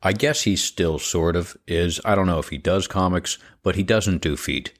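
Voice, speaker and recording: Deep-voiced man with dry wry asides. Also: normal speed. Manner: dry, wry asides and short agreeing interjections. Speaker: podcast co-host. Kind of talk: casual movie review chat.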